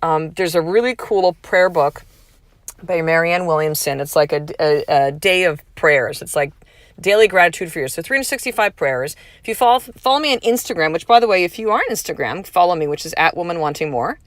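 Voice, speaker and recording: A woman's voice: on the low side, animated, brisk, dry recording. A woman in her thirties hosting a podcast, talking in a frank, casual, motivational way, swearing freely and leaning hard on key words. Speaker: podcast host. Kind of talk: candid motivational monologue.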